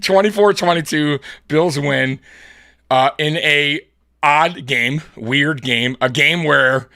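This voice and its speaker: A man's voice: a little high, takes it slowly, gravelly, pushed and bright, no echo, clean studio sound. A man hosting a casual sports talk show, heated and swearing often, with frequent laughter. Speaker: podcast host.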